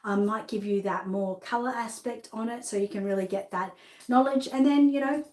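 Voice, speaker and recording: Speaking at a normal pace in a fairly high, slightly mellow voice, a middle-aged Australian woman presents dolls she's selling. The live showcase is chatty and bubbly, full of her laughing at herself, recorded in a space with noticeable echo.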